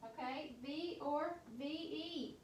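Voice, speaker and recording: A woman teacher leading a phonics dictation lesson, sounding out each word letter by letter in a slow, deliberate way. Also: high-pitched, recorded from a distance. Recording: echoey room, voice off-mic, faint noise.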